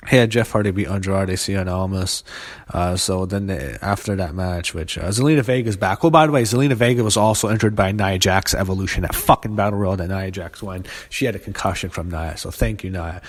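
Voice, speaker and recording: A low-voiced man rants angrily through a casual wrestling review, swearing hard and stumbling over fillers and restarts in a halting delivery. His voice trails off into a long reverb, as though he's in a large, echoing hall.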